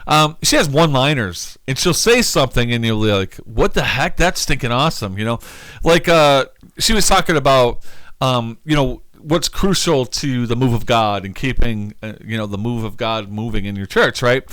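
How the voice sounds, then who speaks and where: A man's voice: medium pitch, moderate pace, a bit bright, clean tone, dry recording. A man, a pastor co-hosting a church talk show, chatting casually and enthusiastically and laughing easily. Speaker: pastor and co-host.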